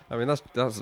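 A young man hosting a comedy podcast, doing a running, easily amused play-by-play of a football match. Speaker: podcast host, football commentator. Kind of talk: comic mock football commentary.

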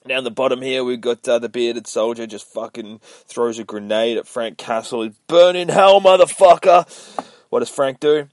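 A man hosting a podcast from inside his van, recapping a comic book in a profane, excitable way full of sound effects. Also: mid-range voice, moderate pace, hardly any pauses, no echo. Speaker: podcast host.

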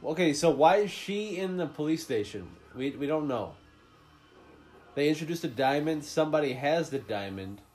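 A man's voice: fairly high pitch, expressive, normal speed, a little mellow. A man hosting a podcast, chatting casually about a movie while he watches it, swearing often and mocking the plot. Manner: profane, joking, mocking the plot. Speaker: podcast host.

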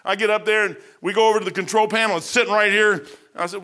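Brief: middle-aged male pastor, higher-pitched and bright, chatty storytelling sermon. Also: steady tone, fast talker. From United States. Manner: folksy, blunt, conversational, many fillers and asides. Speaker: preacher. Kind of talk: sermon with personal stories.

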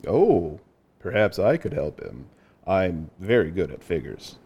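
An actor playing a gentle, muddled, wealthy old madman in a 1940s radio drama, vague and absent-minded. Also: low-pitched, big pitch swings, a little slow, breathy edge, full character voice. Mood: mild. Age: older.

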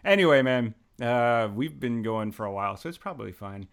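A man's voice: medium pitch, expressive, a little fast, vocal fry, smooth. A young man hosting a podcast, laid-back and laughing often in casual chat. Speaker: podcast host.

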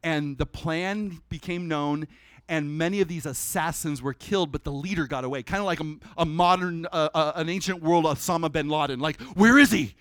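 A man preaching a sermon at a church service, animated and conversational, breaking into humorous asides. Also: fairly high pitch, moderate pace, clean tone, no room sound.

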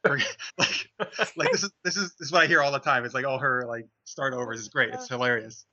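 A man's voice: mid-range voice, fairly quick, pushed and bright. A man chatting casually about his web series, laughing often and using a lot of "like". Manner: chatty, laughing, many "like" fillers. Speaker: web series crew member. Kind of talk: casual chat. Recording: slightly dull lo-fi audio.

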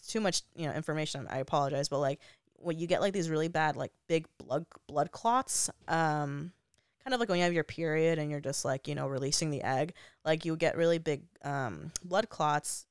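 A woman's voice: low voice, moderate pace, clean tone, dry recording, clean studio sound. A young woman vlogger telling a personal story in a casual, chatty way, full of "like" fillers and frequent laughs. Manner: laughs often while talking.

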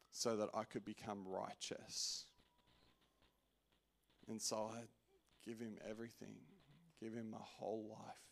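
Casting: fairly low-voiced man giving an earnest sermon testimony, stumbling over restarts, swinging from loud to near-whisper. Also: gravelly. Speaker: preacher sharing testimony.

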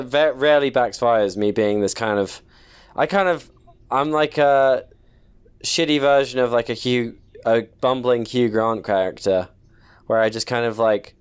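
A man's voice: mid-range voice, smooth. A young man in his twenties, casual chat as podcast co-host, telling rambling self-deprecating stories with many restarts.

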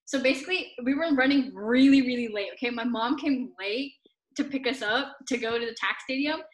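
A teenage girl with a fairly high voice tells a story to her friends. She rambles along in casual chat, filling her sentences with likes and ums. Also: brisk. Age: teens. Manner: rambling, filler-heavy retelling.

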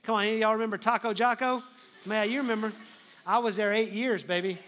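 A middle-aged pastor delivers a sermon in a fairly high voice. He acts out scripture dialogue with feeling and drops to a hush before building back up to loud, emphatic lines. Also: steady tone, fast.

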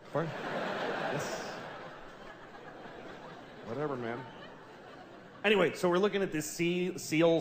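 A man in his forties doing stand-up in a large, echoey theater, with a fairly high voice that jumps around a lot. He talks deadpan and fed up, then bursts into loud, shouted voices. Audience noise is clearly heard underneath. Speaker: stand-up comedian. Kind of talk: stand-up comedy routine.

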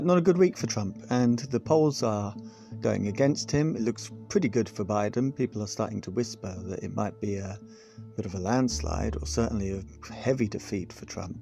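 A man's voice: medium pitch, creaky, darkish tone. A man hosting a podcast, delivering a sarcastic, sweary comic monologue on politics, full of rambling asides. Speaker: podcast host.

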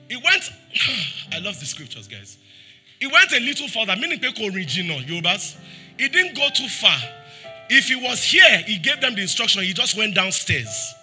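A Nigerian man preaching a sermon as pastor, throwing rhetorical questions at the congregation and acting out scripture quotes. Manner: acts out scripture quotes, dropping soft and low for pleading lines.

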